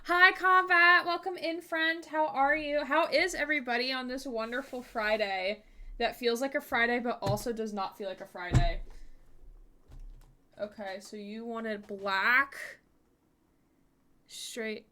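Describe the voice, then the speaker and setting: A woman's voice: a little high, steady tone, unhurried, pauses often, sharp tone. A young woman streaming live, chatting with viewers in a bubbly, giggly way at a desk microphone. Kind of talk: casual live-stream chat.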